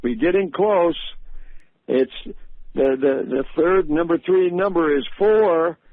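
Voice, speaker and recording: A man's voice: a little high, slow, no room sound, phone-quality sound, voice pushed up. A man putting on an eager little boy.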